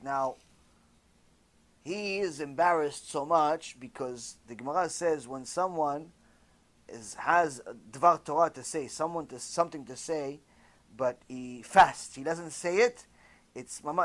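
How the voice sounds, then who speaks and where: A man giving an animated, conversational sermon, telling a story and sprinkling in Hebrew terms. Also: fairly high pitch, measured pace. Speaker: religious teacher.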